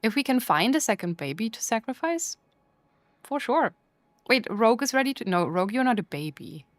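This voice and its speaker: A woman's voice: a little high, sing-song, normal speed, no room sound. A woman streamer chatting casually with her live chat while playing, playful and full of mock outrage.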